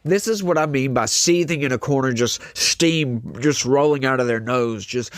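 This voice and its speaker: A man's voice: medium pitch, normal speed, smooth, no echo. A man doing mocking political reaction commentary, laughing often.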